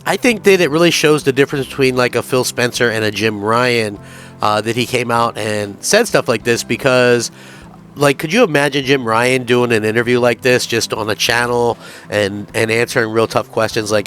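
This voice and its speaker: Man, gaming news commentary, earnest and emphatic, mid-pitched voice. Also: normal speed, a bit bright, soft background music. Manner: earnest, emphatic, talks to viewers directly. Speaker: gaming channel host.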